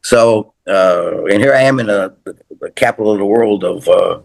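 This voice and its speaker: Older male guest, lowish voice, rambling storyteller who restarts a lot. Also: moderate pace, gravelly. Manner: rambling storyteller, repeats phrases, many restarts. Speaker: guest, TV personality. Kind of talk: casual chat, rambling anecdotes.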